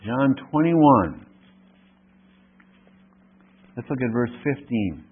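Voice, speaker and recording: Husky-voiced pastor on a tinny broadcast. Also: male voice, medium pitch, expressive, a little slow. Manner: reads scripture aloud then explains it, asking the congregation questions. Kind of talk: expository Bible teaching sermon. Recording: tinny phone-like radio broadcast.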